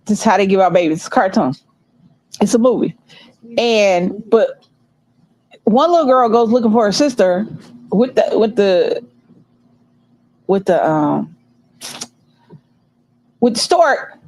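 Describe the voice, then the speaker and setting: A woman's voice: medium pitch, animated, unhurried, pauses often, a little mellow, low-quality recording. A middle-aged woman hosting a livestream, rambling and chatting straight to her viewers in a casual, unscripted way. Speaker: livestream host.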